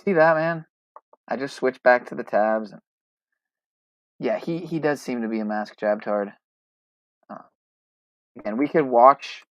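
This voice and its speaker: A man's voice: mid-range voice, a little slow, long pauses, dry recording, lo-fi sound. A man hosting a podcast in casual chat, rambling and hesitant, often restarting his words. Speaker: podcast host.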